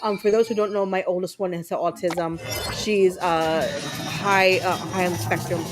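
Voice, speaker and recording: A woman's voice: lowish voice, steady tone, normal speed, over music. A woman in her thirties chatting casually with her viewers as a game streamer, telling blunt stories full of fillers and the odd curse word. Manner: blunt, chatty storytelling with frequent fillers and cursing.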